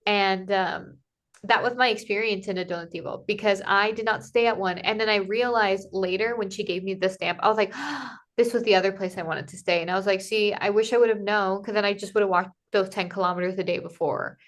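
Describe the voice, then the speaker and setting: A woman in casual conversation, telling a personal travel story in a lively way, acting out what people said to her and filling her talk with "like". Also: mid-range voice, brisk. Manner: animated, acts out quoted dialogue, many "like" fillers. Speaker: podcast guest, Camino pilgrim.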